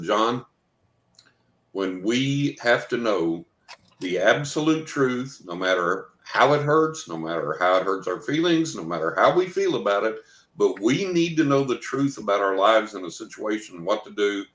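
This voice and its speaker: A man's voice: fairly low pitch, a bit bright. A man who works as a psychic, telling a long story on a podcast and quoting the people in it. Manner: anecdotal, quotes others in dialogue. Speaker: psychic guest. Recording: roomy echo.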